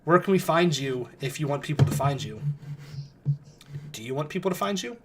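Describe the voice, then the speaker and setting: A game master hosts a live tabletop stream, talking loosely and off the cuff. The delivery rambles and doubles back, full of quick apologies and the odd swear word. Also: medium pitch, lively intonation, slightly rough. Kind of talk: casual chat on a live stream.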